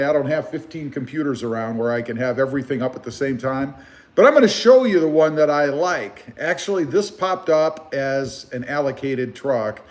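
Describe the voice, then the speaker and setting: A man from South Texas hosting a casual car livestream on a phone, reading viewer comments in a relaxed, rambling way. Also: a little high. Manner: relaxed, rambling with many fillers. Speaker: car channel host. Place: live stream over phone.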